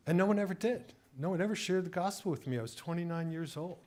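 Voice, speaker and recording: Guest preacher, middle-aged man, slightly high voice, animated storyteller who acts out the voices he quotes. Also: fast, few pauses. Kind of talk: sermon.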